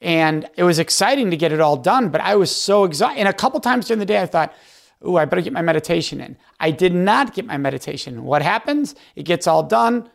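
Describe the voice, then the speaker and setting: A man's voice: sits high, animated, a little fast, creaky, hardly any pauses. A man hosting an interview, chatting in an enthusiastic, affirming way. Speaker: host. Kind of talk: conversational interview.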